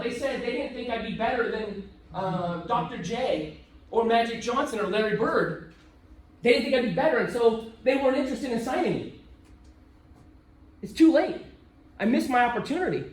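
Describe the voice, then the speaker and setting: A man speaking at a live seminar, telling an animated story and acting out both sides of the dialogue. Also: very high voice, brisk, a little hiss or hum. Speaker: motivational speaker. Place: event hall with live audience. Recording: echoey hall, voice from far off.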